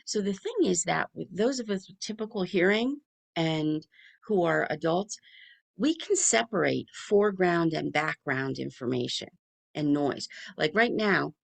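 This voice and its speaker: A middle-aged woman, a speech pathologist chatting fast and informally as she gives advice to parents. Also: fairly low pitch, animated, gravelly. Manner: chatty, talks fast with few pauses. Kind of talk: informal presentation to families.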